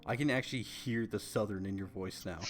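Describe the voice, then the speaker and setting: A man's voice: fairly low pitch, brisk. A man from the countryside co-hosting a podcast, joking and rambling emphatically in a casual chat.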